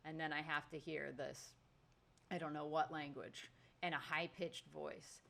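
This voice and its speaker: A woman co-hosting a podcast, telling a story in casual chat with animated exasperation. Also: sits low, measured pace, creaky. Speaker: podcast co-host.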